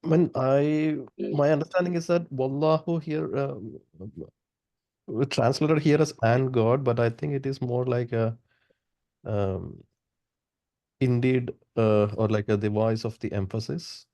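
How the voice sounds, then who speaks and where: A man answering as a student in class, hesitant with many pauses. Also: medium pitch, fairly even intonation, dark tone.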